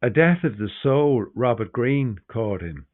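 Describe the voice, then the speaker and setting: A man's voice: medium pitch, measured pace, no room sound. A man voicing an intense young male scholar who argues with energy. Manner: energetic, arguing. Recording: tinny, phone-like sound.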